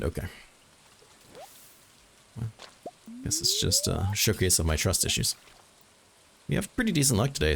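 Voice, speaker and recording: Low, gravelly man narrating gameplay. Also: background noise. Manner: relaxed, thinking aloud with dry self-mocking jokes. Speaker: gaming channel host. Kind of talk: casual let's-play commentary.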